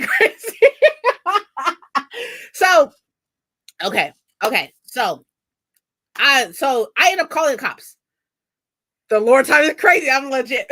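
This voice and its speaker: A young woman in her twenties telling a story in a casual vlog, animated and profane, laughing often. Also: high-pitched. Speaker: vlogger.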